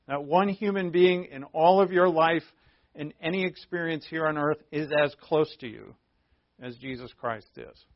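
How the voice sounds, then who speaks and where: A man's voice: on the high side, normal speed, no room sound. A man preaching a conversational sermon, explaining a Bible passage with frequent rhetorical asides. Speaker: pastor. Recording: dull lo-fi sound.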